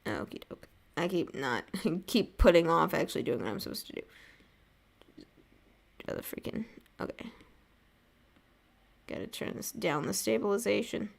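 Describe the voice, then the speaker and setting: A woman's voice: fairly low pitch, sing-song, moderate pace, vocal fry, long pauses. A young woman from the United States chatting casually while drawing on a stream, rambling and laughing often. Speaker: artist streaming a drawing session.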